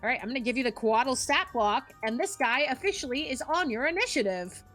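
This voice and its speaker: Woman game master, upbeat and laughing, slightly high pitch, faint music bed. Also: lively intonation, a little fast, a bit bright. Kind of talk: narrating a tabletop game.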